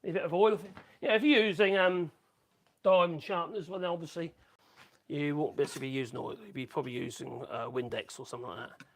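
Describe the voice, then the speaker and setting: A man's voice: a little high, a little fast. A man hosting a woodworking livestream, chatting casually and thinking aloud while he works. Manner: chatty, thinks aloud and hums tunelessly to himself. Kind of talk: casual live-stream chat while working.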